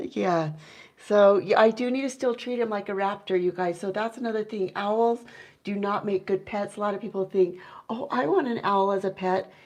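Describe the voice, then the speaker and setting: An enthusiastic woman chats casually to her viewers, warm in interest and quick to trail into fillers. She breaks off at times to mimic soft owl hoots. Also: medium pitch, low-quality recording. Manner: chatty and enthusiastic, many fillers. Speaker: owl keeper and vlogger.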